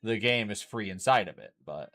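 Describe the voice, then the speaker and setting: A man with a lowish, expressive voice that sounds pushed and bright speaks at a moderate pace as he streams a card game from home. He explains the game in loose, casual chat, swearing freely.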